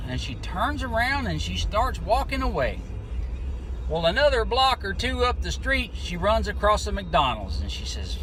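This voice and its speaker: A man's voice: high voice, sing-song, a little slow, music in the background, low-quality recording. A man hosting his own vlog, telling a joke in a folksy, chatty drawl.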